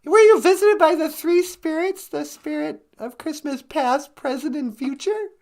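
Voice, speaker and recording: A man voicing a shrill, high-voiced companion waiting at home, chirpy and eager, in a squeaky falsetto. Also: unhurried, darkish tone.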